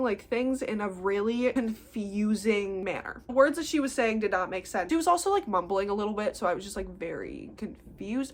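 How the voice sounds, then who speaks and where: Chatty exasperated teenage girl, high voice. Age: teens. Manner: mocks customers in put-on voices. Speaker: vlogger. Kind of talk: casual storytime vlog.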